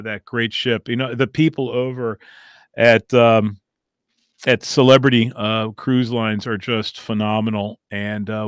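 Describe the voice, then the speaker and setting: A man's voice: on the low side, clean tone, no echo, clean studio sound. A man hosting a comedy podcast, chatting in a rambling, jokey way with lots of fillers and restarts. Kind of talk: casual comedic chat. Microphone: remote call line.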